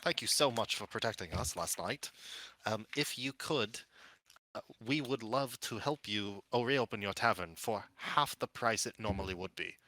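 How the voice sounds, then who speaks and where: A courteous male gnome sweeper with a nasal, somewhat high voice, as a man puts him on. The tone is bright and forward. The sound is dry and close, like a tabletop game played over a mic. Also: expressive, moderate pace, dry recording, rough recording. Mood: grateful, polite. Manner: courteous and grateful.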